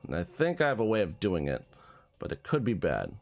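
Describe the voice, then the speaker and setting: A man narrating his card-game run in loose, joking chatter. His pitch swings widely from line to line, and he breaks into laughter easily while bantering with his co-host. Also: gravelly. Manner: animated, quick swings in pitch, laughs often. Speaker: streamer playing a card game. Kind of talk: casual gameplay commentary with banter.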